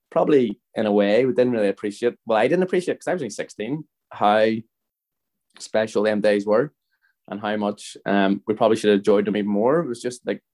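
Fairly low in pitch and darkish in tone, this Northern Irish footballer in his thirties rambles through anecdotes as a podcast guest. He keeps restarting and checking in with the listener, saying "you know what I mean".

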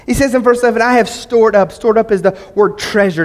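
Pastor, male, slightly high voice, chatty storytelling sermon, long reverb of a church hall. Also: fairly even intonation, a little fast. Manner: conversational, storytelling with humor. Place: church sanctuary.

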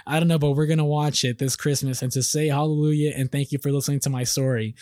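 A young man co-hosting a podcast, reading out a silly story in a deadpan way and breaking into laughter. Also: on the high side, quick pace, no echo. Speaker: podcast co-host. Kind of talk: casual podcast chat, reading a comic story.

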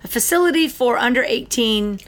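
A woman's voice: fairly high pitch, animated, moderate pace, a crowd in the background. A woman in casual conversation who chats in a friendly, sociable way and backs up her guest. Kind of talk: casual chat.

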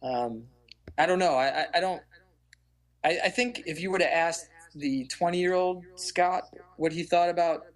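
A man's voice: on the high side, unhurried. A man in his thirties, a guest on a casual podcast interview, talking hesitantly with frequent stammered restarts. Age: 30s. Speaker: podcast guest, band guitarist.

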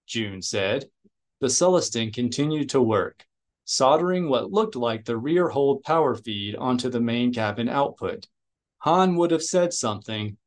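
A man reading an audiobook aloud in a steady, unhurried narrating voice. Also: medium pitch. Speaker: audiobook reader.

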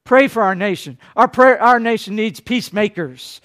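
A man preaching a sermon, swinging between loud, urgent lines and hushed, quiet ones, and briefly acting out the people he quotes. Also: high-pitched, normal speed. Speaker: pastor.

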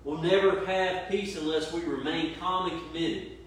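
A male pastor preaches in a very echoey room, his slightly high voice carrying from a distance off the mic. He presses his points with repetition and questions, over faint room noise. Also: fairly even intonation, moderate pace, a bit bright. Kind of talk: sermon. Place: church service streamed online.

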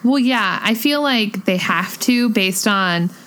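A young woman chatting casually and excitedly about a film, gushing, with lots of "like" fillers. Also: medium pitch, takes it slowly.

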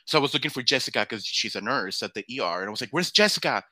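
A man who performs in drag, telling a long story in casual chat, lively, swearing freely and acting out what others said. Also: mid-range voice, very fast, no room sound. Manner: animated, swears freely, acts out quoted voices. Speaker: drag performer, podcast guest.

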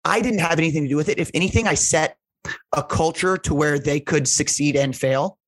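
A man with a slightly raised pitch tells coaching stories in an earnest, emotional way. He rambles, leaning on "like" and "right?" as he goes. The sound is dry and close. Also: fairly quick, a bit bright, no echo. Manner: rambling, heavy use of "like" and "right?". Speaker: strength coach. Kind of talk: casual storytelling in conversation.

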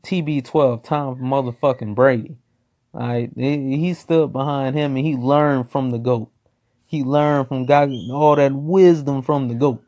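A man's voice: mid-range voice, steady tone, measured pace, darkish tone. A man giving a casual football opinion rant, blunt and profane, repeating himself for emphasis. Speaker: sports commentator.

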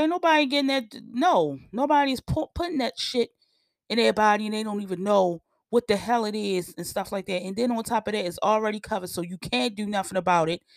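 Woman, blunt profane rant, animated, dry close sound. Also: mid-range voice, no room sound. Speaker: podcast host. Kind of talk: casual opinion rant.

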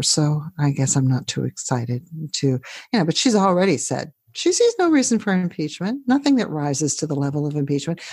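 A woman's voice: sits low, gravelly, a little mellow, slightly rough, dry recording, studio quality. A woman co-hosting a podcast, talking politics in casual chat with emphatic, exasperated ranting. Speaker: podcast co-host.

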